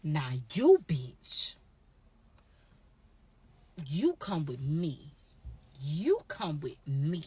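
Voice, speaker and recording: A woman's voice: low voice, wildly swooping pitch, extremely slow, long pauses, warm tone, breathy edge, heavily acted. A woman doing a furious cursing man. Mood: menacing. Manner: crude, insulting tirade.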